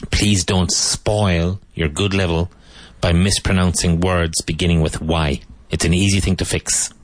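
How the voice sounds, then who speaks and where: A deep-voiced man with an Irish English accent leads a pronunciation lesson, saying each model sentence slowly and more than once. His voice is a little husky, and the recording is dry and close. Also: little pitch movement, no echo. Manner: slow, deliberate repetition of model sentences. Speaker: English teacher. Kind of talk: pronunciation drill lesson for Spanish speakers.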